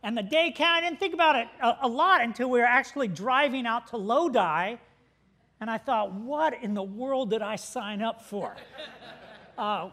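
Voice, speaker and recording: A middle-aged pastor delivers a sermon to his congregation in a high, bright voice. He tells a story, laughing along as he goes and shouting out the quoted lines.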